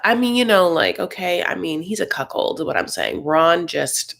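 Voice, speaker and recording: A man's voice: high voice, huge pitch swings, moderate pace, gravelly, hardly any pauses, a bit bright. A man hosting a reality TV reaction show, recapping in a sassy, gossipy, campy way. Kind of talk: casual TV recap commentary.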